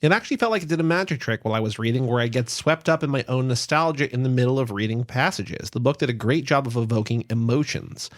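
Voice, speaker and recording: Podcast guy, dry teasing, reads his notes out loud, mid-pitched, dead dry room. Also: fast talker, few pauses, dry recording. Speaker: podcast co-host. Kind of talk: casual book-club chat.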